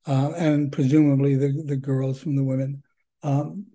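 A man's voice: mid-range voice, level tone, normal speed, dark tone. An older man telling his story at a recovery meeting, earnest and rambling, with many fillers and repeated words. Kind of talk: personal testimony.

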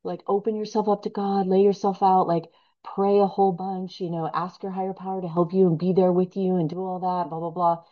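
A woman's voice: fairly low pitch, level tone, brisk, muffled recording, natural voice. A woman voicing an easygoing male priest giving breezy, offhand advice.

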